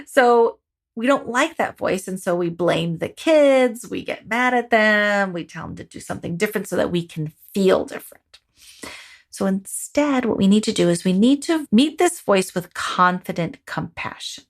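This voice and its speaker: A woman hosting a parenting coaching podcast, talking in an expressive, encouraging, conversational way. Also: medium pitch, normal speed.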